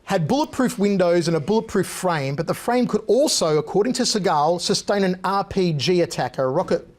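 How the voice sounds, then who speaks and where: A man sits as a guest on a talk show and spins long, animated stories. His voice sits notably high for a man, and he slips into the voices of the people he describes. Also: fairly quick. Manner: lively storyteller who mimics other people's voices. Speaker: interview guest. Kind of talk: animated anecdote-telling.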